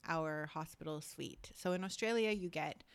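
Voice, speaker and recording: A woman in her thirties, a podcast co-host, chatting casually with lots of fillers and lively storytelling. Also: low voice, moderate pace, smooth. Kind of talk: casual chat.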